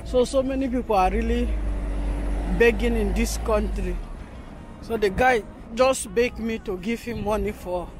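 A woman's voice: on the high side, unhurried, background noise. A woman vlogging on a handheld phone at an outdoor market, talking chattily to viewers and laughing often. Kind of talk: casual walking vlog. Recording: music playing under the voice. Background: background music.

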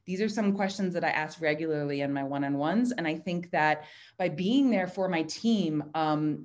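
Chatty woman on a video call. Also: sits low. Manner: chatty, animated, quoting herself in lively asides. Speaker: design director speaking at a virtual happy hour. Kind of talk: casual talk on leadership.

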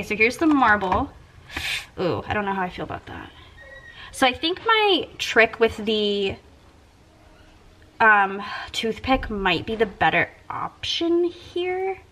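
A woman's voice: fairly high pitch, bright, forceful tone. A young woman, chatting casually to camera about her small business, gushing and sometimes dropping to a whisper. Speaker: vlogger running a small wax melt business.

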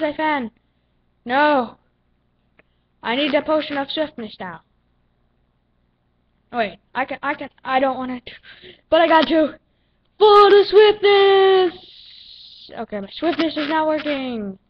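A young female gaming channel host giving excitable, playful commentary while playing, with silly sound effects. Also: high-pitched. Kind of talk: casual gameplay commentary. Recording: dull lo-fi recording with faint noise.

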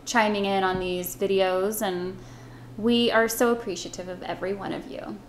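A woman's voice: mid-range voice, steady tone, moderate pace, slight background noise. A woman co-hosting a casual film podcast. She talks earnestly and with emphasis, and she often restarts her sentences. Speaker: podcast co-host. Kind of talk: casual chat. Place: home recording. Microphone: old desktop microphone.

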